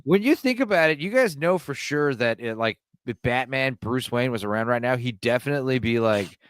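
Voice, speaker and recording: A man's voice: medium pitch, animated, a little fast, clean tone, no echo. A man co-hosting a casual podcast chat, rambling and laughing, often trailing off mid-sentence. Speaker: podcast co-host.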